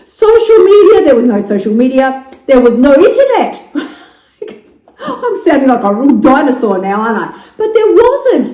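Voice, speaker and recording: A woman's voice: fairly high pitch, echoey room, rough recording. An Australian woman in her fifties hosting her own podcast, talking frankly with plenty of swearing and jokes. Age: 50s. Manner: frank, profane, jokey, animated storytelling. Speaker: podcast host. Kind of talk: casual podcast monologue.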